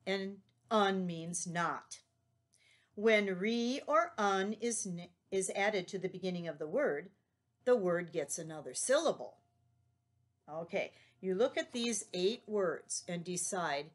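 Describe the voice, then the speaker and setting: A woman teacher giving a recorded lesson to young children, patient and encouraging, explaining each step. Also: lowish voice. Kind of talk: recorded remote class lesson.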